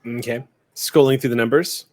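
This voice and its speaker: A man running a tabletop game as game master, narrating scenes in a relaxed, halting way with frequent restarts. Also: mid-range voice.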